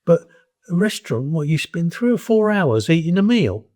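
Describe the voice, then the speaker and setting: An older Cockney man from East London, England, tells blunt anecdotes as a guest in a casual conversation, often restarting his sentences. His voice is on the high side, very animated, a little mellow, and at normal speed.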